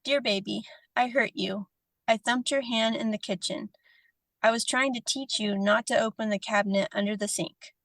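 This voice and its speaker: Podcast guest, woman, slightly high voice, tender and emotional delivery, dry sound. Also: normal speed, fairly bright tone, no echo. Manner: tender, emotional, laughs often. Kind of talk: reading a personal letter aloud, then casual chat.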